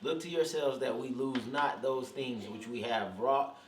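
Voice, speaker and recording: A man reading scripture aloud at a Bible study in a steady, measured way. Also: medium pitch, roomy sound, a little hiss or hum. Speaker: scripture reader.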